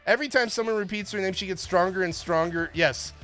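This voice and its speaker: Bright-voiced jokey male streamer. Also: high-pitched, fast talker, faint music behind. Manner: rambling, jokey, chatting with viewers. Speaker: stream host. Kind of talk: casual livestream chat.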